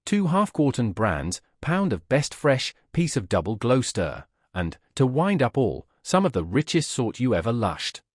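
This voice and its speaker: A man's voice: mid-range voice, sing-song, moderate pace, few pauses, no room sound, clean studio sound. A man voicing a cheeky young male pickpocket who boasts in slangy street speech, in an audiobook reading. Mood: gleeful. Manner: slangy, rhapsodizing.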